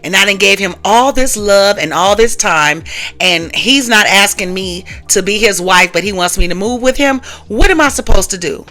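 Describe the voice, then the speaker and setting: Lady doing sassy best friend voice, pushy, gets emotional, bright tone. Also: medium pitch, expressive, moderate pace. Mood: distressed. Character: sassy young woman, impatient best friend.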